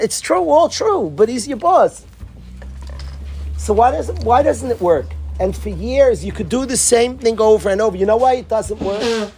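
A man's voice: high-pitched, moderate pace, darkish tone, husky, low-quality recording. A man giving an informal Torah talk, telling stories animatedly, acting out the people he quotes and mixing in Yiddish and Hebrew words. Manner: sprinkles Yiddish and Hebrew terms. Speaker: Torah teacher.

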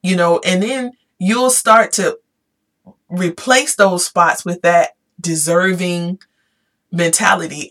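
A woman talking casually to her viewers, animated and emphatic, repeating her points and growing emotional at times. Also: fairly low pitch, slow. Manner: animated, repetitive, emphatic, Southern-style "y'all". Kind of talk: casual motivational talk to viewers.

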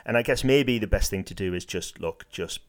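A man's voice: lowish voice, expressive, brisk. A man co-hosting a casual discussion, talking things through as a game master and playing devil's advocate with hypotheticals. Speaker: podcast co-host and game master.

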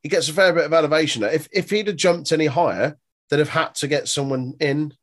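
A man's voice: on the high side, brisk. A man in casual podcast banter, swearing and giggling a lot. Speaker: podcast co-host.

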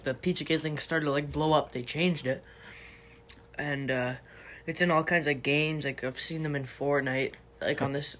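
Rambling young co-host, mid pitch. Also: a bit bright. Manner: rambling, swears a lot. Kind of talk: casual chat.

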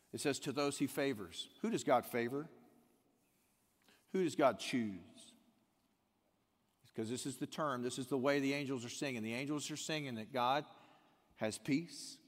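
A man preaching a sermon, asking the room questions and swinging between loud peaks and hushed lines. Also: mid-range voice. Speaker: pastor. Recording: long hall reverb.

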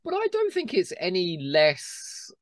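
A man's voice: high voice, a little slow, no echo, studio quality. A man co-hosting a casual podcast chat, swearing freely and mimicking actors. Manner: animated, laughs often, swears, mimics actors. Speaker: podcast co-host.

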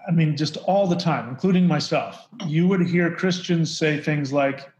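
A man's voice: on the high side, normal speed, darkish tone. A man speaking as a podcast guest, talking emphatically in a casual conversation. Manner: emphatic, mocks preachers in put-on voices. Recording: roomy, dull lo-fi sound.

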